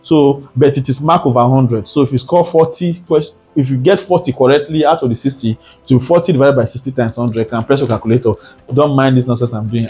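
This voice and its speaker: A man's voice: medium pitch, darkish tone. A man teaching an exam prep lesson, often repeating points and asking rhetorical "what?" questions. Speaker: tutor.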